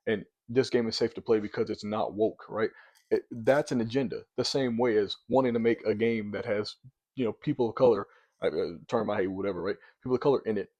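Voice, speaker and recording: Argumentative man with a mellow voice. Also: mid-range voice, highs cut off. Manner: animated, argumentative, repeats words when pressing a point. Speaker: commentator reacting to a video. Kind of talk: casual reaction commentary.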